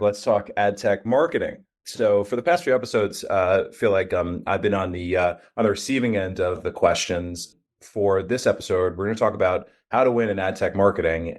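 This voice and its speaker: A man from Staten Island co-hosting a business podcast, talking in a relaxed, anecdotal way. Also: sits low. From Staten Island, New York. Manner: relaxed, storytelling, many fillers and restarts. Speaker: podcast co-host. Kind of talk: casual conversational podcast chat.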